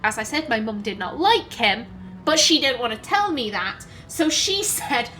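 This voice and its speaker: A woman telling a personal story in an emotional, halting way. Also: on the high side, very animated, fairly bright tone, poor audio. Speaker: gaming channel host.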